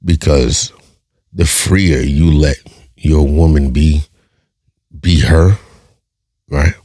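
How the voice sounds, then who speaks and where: A man's voice: extremely low pitch, very slow, dark tone, no room sound, studio quality. A man hosting a podcast, talking bluntly and profanely, firing off rhetorical questions and repeating himself. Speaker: podcast host. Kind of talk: casual monologue.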